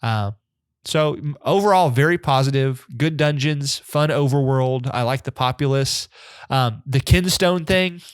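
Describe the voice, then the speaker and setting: A man's voice: medium pitch, measured pace, clean tone, no room sound. Chatty man, dry close sound. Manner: rambling, self-deprecating, laughs often. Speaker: guest on a video game podcast. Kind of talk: casual chat.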